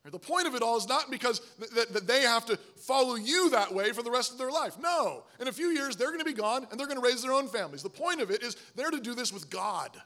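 A man preaching a sermon, emphatic, often asking "Right?", swinging from loud stresses to low, quiet asides. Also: expressive, fast talker, hardly any pauses. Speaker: pastor.

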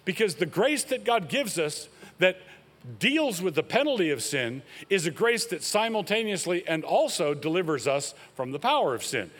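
A man's voice: high-pitched, big pitch swings, normal speed, a bit bright, long reverb tail. A man preaching a sermon as a pastor, speaking emphatically and rising sharply when he quotes.

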